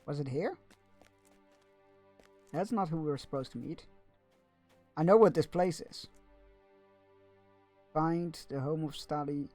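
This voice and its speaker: A man's voice: a little high, slow pace, pauses often, warm tone, soft background music. A man streaming a game, chatting casually with viewers and often stumbling over his words. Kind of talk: casual gameplay commentary.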